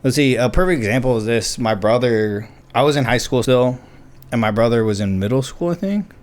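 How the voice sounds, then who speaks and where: A man co-hosting a relaxed podcast, spinning a long personal story. He swears freely and acts out the people he quotes, and his voice sits at an ordinary middle pitch for a man. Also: fairly quick. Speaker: podcast co-host. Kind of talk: casual storytelling chat.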